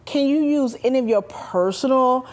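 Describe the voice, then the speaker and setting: A woman's voice: high voice, moderate pace. A woman hosting her own talk show, greeting viewers with enthusiastic, emphatic energy.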